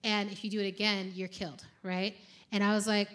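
Woman writer, bright and lively, chatty and warm-humored delivery. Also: mid-range voice, a little fast. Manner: animated, laughs often. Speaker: fiction writer. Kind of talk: lively conversation.

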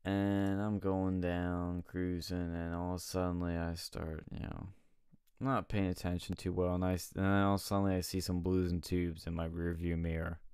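Deep, smooth-voiced young man telling stories. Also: moderate pace, no room sound, clean studio sound. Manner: animated storyteller acting out quotes, swears and laughs often. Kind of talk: casual chat, storytelling.

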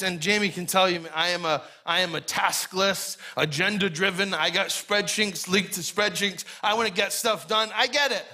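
Male preacher, high bright voice, animated sermon storytelling. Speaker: pastor.

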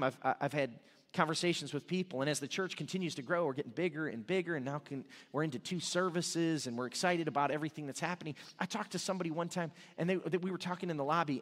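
Male pastor, high voice, casual and joking sermon, echoey sanctuary. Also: fairly bright tone. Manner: casual, joking storytelling with many restarts. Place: church sanctuary.

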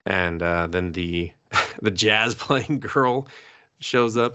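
Speaking extremely slowly in a deep voice with no room sound, a man co-hosts a podcast where he recaps an anime episode. His storytelling is profane and lively, full of swearing, and he performs the characters' lines himself.

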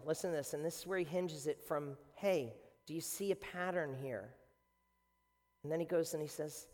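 A man preaching a sermon as a pastor, animated and swinging between quiet and loud. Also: fairly high pitch, normal speed. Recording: long hall reverb.

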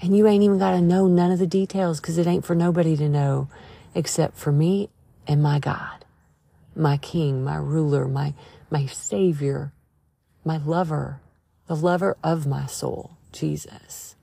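A woman's voice: low-pitched, fairly even intonation, unhurried, gravelly, dark tone, husky. A woman hosting a devotional podcast, talking to listeners in an earnest, emphatic, conversational way. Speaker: podcast host.

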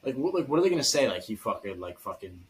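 A man's voice: mid-range voice, sing-song, fast. A teenage young man chatting casually with friends, joking and swearing a lot as he questions and teases. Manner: profane, joking, incredulous.

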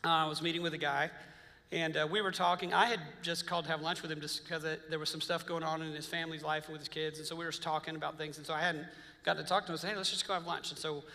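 A man's voice: fairly high pitch, bright, forceful tone. A man preaching a sermon as pastor, telling stories casually and acting out the dialogue of the people in them. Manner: casual, anecdotal, quotes others in dialogue. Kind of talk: conversational sermon storytelling. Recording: long reverb of a large hall.

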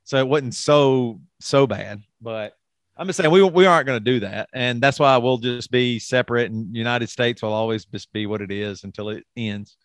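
A middle-aged man co-hosts a podcast in a medium-pitched voice at a moderate pace, with no room sound. He talks frankly and at length in casual chat, swearing and frequently restarting his sentences.

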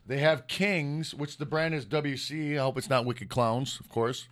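A man's voice: mid-range voice, measured pace, a bit bright. A man co-hosting a podcast, chatting casually, rambling, laughing often and swearing a lot. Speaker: podcast co-host. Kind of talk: casual profane chat.

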